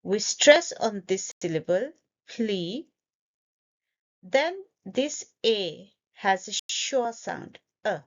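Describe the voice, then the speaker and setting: A woman teaching English pronunciation, breaking a word into syllables and repeating it slowly for learners. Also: medium pitch, big pitch swings, lo-fi sound. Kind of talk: slow, deliberate pronunciation lesson.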